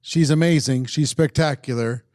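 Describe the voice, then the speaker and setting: A man with a high-pitched voice hosts a live-streamed summit with lots of energy, pumping up viewers and reading their comments aloud. The sound is dry and close to the mic. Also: moderate pace, darkish tone, no echo. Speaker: summit host. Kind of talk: live-stream event hosting.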